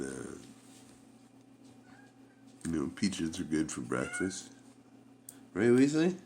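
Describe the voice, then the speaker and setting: A man's voice: a bass voice, creaky, darkish tone, slight background noise. A middle-aged man, rambling through a casual home vlog with many fillers and restarts. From Canada. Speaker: vlogger.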